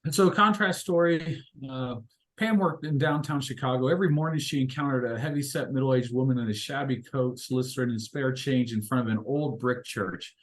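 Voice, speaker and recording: Guy leading an inspirational chat, tells stories, lots of ums, middle pitch. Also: normal speed. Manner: hesitant, many fillers, reflective. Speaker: discussion leader. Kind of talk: inspirational talk with storytelling.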